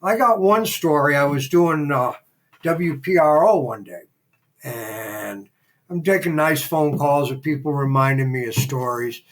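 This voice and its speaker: An older man spinning anecdotes as a podcast guest, his voice sitting a little on the high side. He talks in a relaxed, chatty way and slips into the voices of the people he quotes. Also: unhurried. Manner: animated raconteur who acts out quoted dialogue. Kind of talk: casual interview storytelling.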